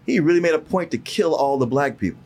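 A man's voice: fairly high pitch, animated, quick pace, a little mellow. A man co-hosting a casual movie review podcast, chiming in with short remarks and dry jokes. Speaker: podcast co-host.

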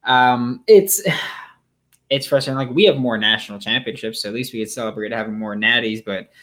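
A man's voice: medium pitch, moderate pace, a bit bright. A young man hosting a sports podcast, talking casually and rambling with many fillers and restarts. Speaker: podcast host.

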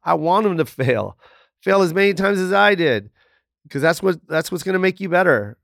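A middle-aged man, a comedian guest in a casual interview, telling stories in an animated, profane, rambling way. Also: high voice, moderate pace, creaky, no room sound, clean studio sound.

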